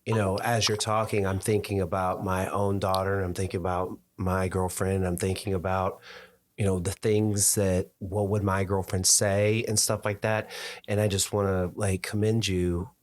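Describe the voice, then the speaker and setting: A male podcast host with a very low, deep voice. He speaks thoughtfully and hesitantly, pausing on fillers as he gathers his thoughts. He sounds like he is in an easy interview conversation. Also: flat delivery. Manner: reflective and hesitant, many fillers.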